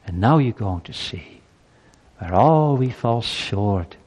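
A man in his fifties preaching a sermon, moving from quiet reflection to loud, urgent appeals. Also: fairly low pitch, lively intonation, takes it slowly, husky. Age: 50s.

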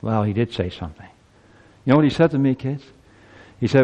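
A man in his fifties preaching a sermon, moving from quiet reflection to loud, urgent appeals. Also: medium pitch, lively intonation, a little fast, long pauses, highs cut off. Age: 50s.

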